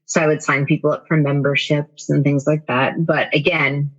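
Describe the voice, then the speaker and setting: A woman's voice: low voice, flat delivery, moderate pace, fairly bright tone, lo-fi sound. Candid woman telling her story. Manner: candid, self-deprecating, many fillers. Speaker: podcast guest, confidence coach. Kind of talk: casual storytelling in an interview.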